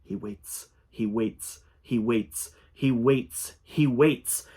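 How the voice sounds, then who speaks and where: A man voicing a lurking male cave creature that chants in a low, hushed, repetitive murmur. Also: slow, husky.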